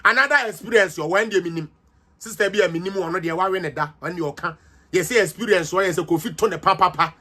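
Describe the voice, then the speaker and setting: A man's voice: sits high, fast, pushed and bright. A Ghanaian-accented man hosting a livestreamed political commentary, combative and mocking as he switches between languages.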